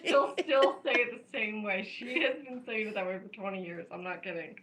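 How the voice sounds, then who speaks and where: A woman's voice: mid-range voice, a little fast, a crowd in the background, poor audio. A woman co-hosting a podcast, chatting casually and laughing often as she tells family stories. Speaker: podcast co-host. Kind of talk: casual chat.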